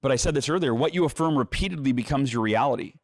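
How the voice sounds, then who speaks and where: A middle-aged man speaking as an interview guest, animated and earnest, slipping into little acted-out voices to make his points. His voice sits at an ordinary middle pitch. The studio sound is dry and close, with no room around it. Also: fast, no echo. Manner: energetic, acts out inner voices and quotes; repeats words when restarting. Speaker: author and guest. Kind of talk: conversational interview, teaching.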